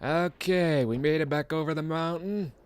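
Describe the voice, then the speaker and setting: A man's voice: fairly high pitch, normal speed, clear, resonant tone. A man streaming a game, musing in a casual, rambling way with self-mocking asides. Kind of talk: casual rambling gameplay commentary.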